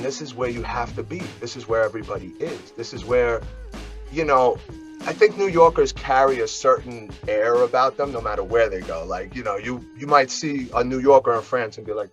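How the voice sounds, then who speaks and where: A man from New York with a New York accent, a rapper chatting casually as an interview guest, animated and full of fillers. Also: mid-range voice. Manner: animated, laughs easily, many fillers.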